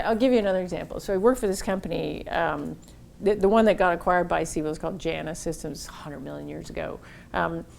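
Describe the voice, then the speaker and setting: A woman giving a marketing workshop talk, telling a lively, blunt story and acting out the dialogue. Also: mid-range voice, gravelly. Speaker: workshop speaker.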